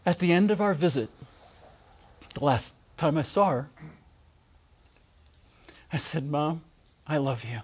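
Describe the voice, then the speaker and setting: Middle-aged guy telling stories about his mom, gentle and heartfelt, slightly high voice, lots of soft pauses. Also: lively intonation, breathy edge. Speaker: speaker giving a spiritual reflection. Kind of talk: personal remembrance talk.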